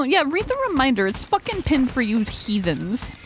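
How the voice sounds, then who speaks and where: A young woman streaming a shooter game, chatting casually with viewers, excitable and swearing often. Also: high-pitched, normal speed, few pauses. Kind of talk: casual gaming stream chat. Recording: noisy background hiss.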